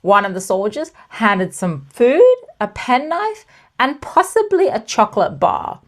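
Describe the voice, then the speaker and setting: A woman's voice: a little high, sing-song, measured pace. A woman hosting a podcast, telling a true story with dramatic pacing and wry asides. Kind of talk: storytelling narration.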